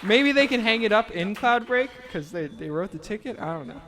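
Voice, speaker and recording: A man's voice: high voice, expressive, fairly quick, background noise. A man emceeing a raffle at a live fundraiser event, joking and bantering playfully with the crowd as he announces the winners. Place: indoor event venue with a live audience.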